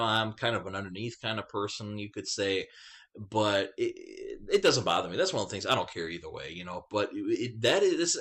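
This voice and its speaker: A man's voice: lowish voice, a bit bright. A man vlogging in a casual, rambling rant, swearing freely as he talks to the camera. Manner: rambling, profane, chatty.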